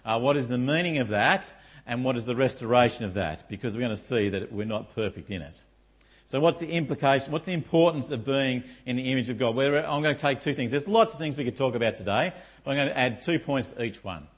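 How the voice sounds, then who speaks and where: Husky-voiced middle-aged pastor preaching. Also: male voice, mid-range voice, lively intonation, fast talker. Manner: rhetorical, asks the congregation "isn't it?". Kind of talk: sermon. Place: church.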